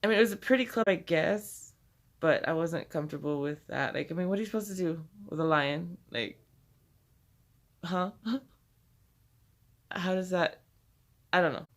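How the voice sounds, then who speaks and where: A woman's voice: lowish voice, normal speed, long pauses. A woman casually telling a personal story, rambling and profane, laughing often as she goes.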